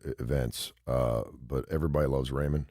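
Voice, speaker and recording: A very low-pitched man hosting a radio talk show, relaxed and chatty. He rambles through anecdotes and acts out the lines of the people in them. The sound is dry and close, as in a studio. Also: fairly quick, no room sound. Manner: rambling storyteller, retells scenes with quoted lines. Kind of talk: casual radio chat.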